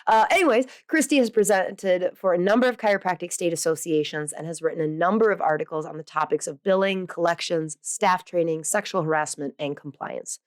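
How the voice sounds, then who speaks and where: A chatty woman hosts a podcast in a casual, bubbly monologue. Her voice sits a little low and sounds close and dry, and she peppers her talk with fillers and self-deprecating asides. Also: fairly quick, few pauses, no room sound. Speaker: podcast host.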